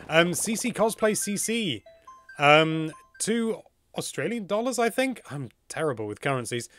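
A British man hosting a live gameplay stream, chatting in an excitable, gushing way as he tours an island. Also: a little high, measured pace, faint music behind. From Britain. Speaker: livestream host.

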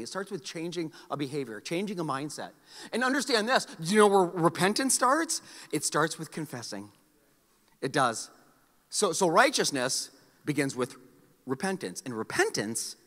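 Man, pastor, sermon, very expressive pitch, joking asides, repeats himself, long hall reverb. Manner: animated preaching with joking asides and repeated phrases. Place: church sanctuary.

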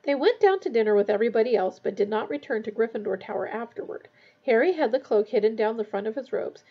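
Husky woman reading a novel aloud. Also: on the high side, lively intonation, fast, muffled recording. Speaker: audiobook reader.

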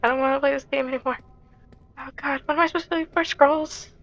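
A woman's voice: high voice, fairly even intonation, fast, fairly bright tone, lo-fi sound. A woman giving nervous, jumpy commentary on a horror game, often dropping to a whisper. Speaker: gaming commentator.

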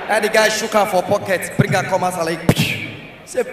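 Man, Nigerian Pidgin accent, animated stand-up storytelling, loud shouts, live hall noise. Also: sits high, fast talker. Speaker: stand-up comedian. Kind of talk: stand-up comedy. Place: large live comedy hall. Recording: echoey hall from far off.

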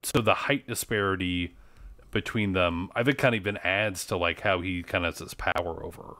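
A man's voice: low voice, brisk, sharp tone, no echo. A man co-hosting a podcast in casual, rambling chat, often saying "like". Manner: chatty, rambling, heavy use of "like". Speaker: podcast co-host.

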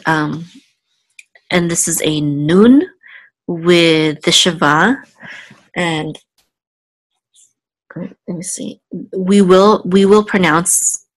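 A woman teaching a one-on-one Hebrew reading lesson, explaining letters and vowels step by step with many pauses and restarts. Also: low voice.

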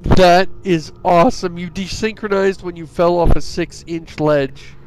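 A man's voice: high-pitched, fairly even intonation, a little slow, noisy background. A man co-hosting game commentary, joking in a dry, mock-formal way. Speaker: co-host. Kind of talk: let's play commentary.

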